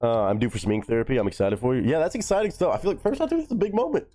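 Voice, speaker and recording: A man's voice: mid-range voice, animated, racing, mellow, faint music behind. A young man chatting casually and goofily on a live stream, swearing freely and joking around.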